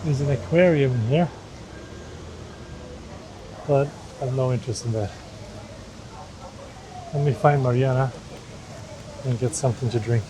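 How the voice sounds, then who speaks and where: A travel vlogger walks through a river gorge, chatting casually about the sights to a handheld camera he holds up high. His voice sits in the mid range, and he speaks unhurriedly with long pauses over a noisy background.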